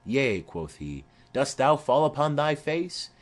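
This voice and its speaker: A man's voice: medium pitch, big pitch swings, slow pace, voice pushed up. A man reading a play aloud, voicing a garrulous, rambling old nurse who fondly chatters on.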